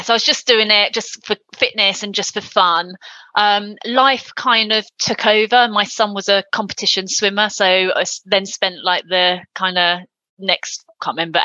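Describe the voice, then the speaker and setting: A woman's voice: mid-range voice, steady tone, unhurried, bright, forceful tone, dry recording, muffled recording. A middle-aged woman chatting casually as a podcast guest, with lots of ums and easy laughs. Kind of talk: casual interview chat.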